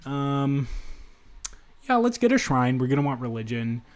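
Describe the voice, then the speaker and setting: A man's voice: mid-range voice, very animated, a little slow. A man giving let's play commentary in a city apartment, thinking aloud in a rambling way with frequent restarts. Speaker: gamer.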